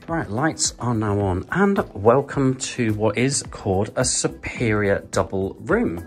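A man's voice: lowish voice, expressive, a little slow. Chatty man vlogging over music. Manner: chatty and enthusiastic, often drops to a whisper. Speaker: travel vlogger. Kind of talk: casual travel vlog narration. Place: walking outdoors and aboard a moored ship.

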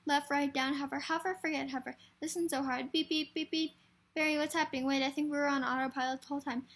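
A woman's voice: high voice, steady tone, fast talker, a bit bright. A woman reading a film script aloud for a variety show, hurrying through with stumbles and restarts.

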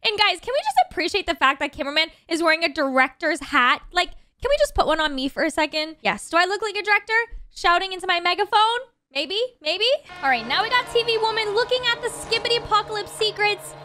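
A woman hosting a reaction video, excitable and talking straight to her viewers, often gasping and giggling. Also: very high voice, fast talker, few pauses. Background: loud background music.

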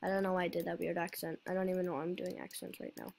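A woman's voice: lowish voice, level tone, very fast, vocal fry, noisy background. A woman giving casual, rambling gameplay commentary full of fillers as host of her own channel. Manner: rambling, forgetful, filler-heavy.

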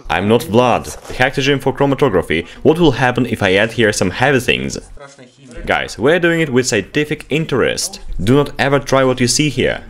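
A man narrates his exploration of an abandoned underground lab in an excited, exclamatory rush, often barking at others to hurry. His pitch swings widely, and he sits at a mid pitch for a man. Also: moderate pace. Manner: exclamatory, urgent, bossy when hurrying others. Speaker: vlog host exploring. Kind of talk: excited running commentary while exploring. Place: abandoned underground laboratory, indoors.

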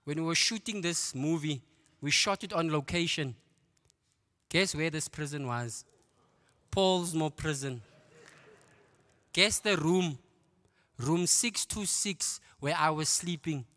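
A middle-aged South African man giving his testimony at a church men's conference, telling his story in a lively way with quick asides. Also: a little high. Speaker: guest speaker giving testimony. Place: church auditorium. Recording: long hall reverb.

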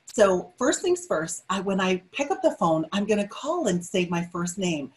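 A middle-aged woman giving a motivational webinar talk, energetic and emphatic, often repeating her key phrases. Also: mid-range voice, moderate pace, rough recording. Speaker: webinar speaker.

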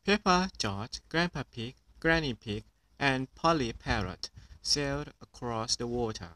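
A man reading a children's picture book aloud in an even storytelling voice. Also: mid-range voice, a little slow, poor audio. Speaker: storybook reader.

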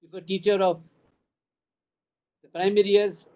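Emphatic older Indian man, high-pitched. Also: little pitch movement, a little slow, a little mellow, muffled recording. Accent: Indian English. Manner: emphatic, lists points in repeated phrases, rhetorical questions. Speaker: school trust CEO addressing parents. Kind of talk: town hall address.

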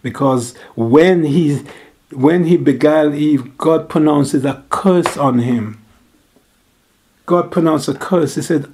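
A man preaching a sermon in a slow, halting way, rising higher and louder when he stresses a point. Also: slight background noise.

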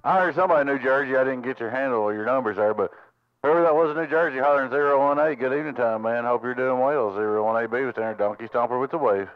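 A man's voice: medium pitch, fast talker. A Southern man from Tennessee, drawling friendly greetings and sign-offs as a CB radio operator. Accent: Southern American. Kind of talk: CB radio chatter. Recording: tinny radio audio with loud static.

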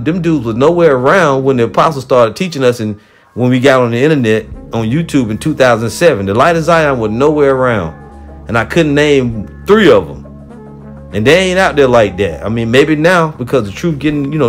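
Angry male religious teacher, mid-pitched, rebuking with constant swearing, soft music under him. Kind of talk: heated profane sermon.

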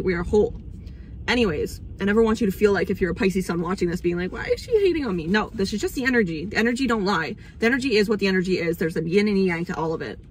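A woman's voice: on the low side, a little hiss or hum. A young woman hosting an astrology channel, rambling in a casual spiritual monologue, swearing freely, and getting emotional at times.

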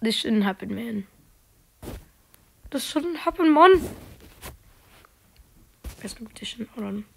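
Brief: a self-mocking female gamer with a fairly high voice who narrates her play casually and drops into whispers. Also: expressive, slow pace, creaky, pauses often, fairly bright tone, slightly rough. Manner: chatty, talks to herself while playing. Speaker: gaming video creator. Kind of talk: casual gameplay commentary.

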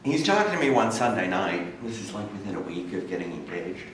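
A man's voice: low voice, expressive, fairly quick. A man giving a talk to an audience, telling his story in a casual, conversational way and acting out the voices of people he quotes. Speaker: guest speaker. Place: large campus lecture room. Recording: very echoey room, speaker far from mic, faint noise.

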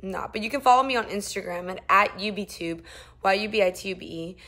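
A young woman streams from her phone in a shared apartment while feeling nauseous. She chats casually with viewers, her voice swinging from sudden loud bursts to low, weary murmurs. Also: fast. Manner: chatty, drifting between loud outbursts and tired murmurs. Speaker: live streamer. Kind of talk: casual live-stream chat reading comments.

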